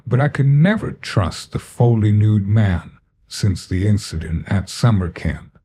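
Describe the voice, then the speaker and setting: A man narrating a first-person horror story in a deadpan, measured way. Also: lowish voice, husky.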